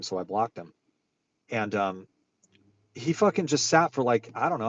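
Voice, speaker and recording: A man's voice: medium pitch, lo-fi sound. A man hosting an online audio room, ranting in a profane, rambling, exasperated way. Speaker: host of a social audio room. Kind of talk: casual ranting chat. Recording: faint background noise.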